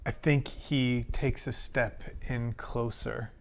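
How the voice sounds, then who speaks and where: A man playing a tabletop game, narrating his moves in a rambling, excitable way full of fillers. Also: medium pitch, slow pace, gravelly, a little hiss or hum.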